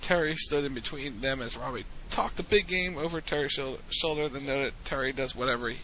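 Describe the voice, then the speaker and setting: A man's voice: mid-range voice, fairly quick, pushed and bright, slight background noise. A man co-hosting a podcast, casually recapping events in a rambling way with restarts. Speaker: podcast co-host recapping wrestling. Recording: dull lo-fi sound with faint ambience.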